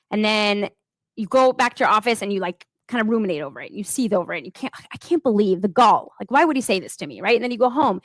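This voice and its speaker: A woman's voice: fairly high pitch, dry recording. A woman in her thirties giving a casual motivational talk as a coach, chatty and peppered with "like" and "right?".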